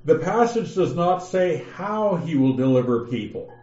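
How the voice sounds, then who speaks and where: Casting: unhurried male Bible teacher, dark mellow tone, echoey muffled call audio. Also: a little high, expressive. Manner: slow, methodical, reads passages aloud with emphasis. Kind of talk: scripture lesson over an online call.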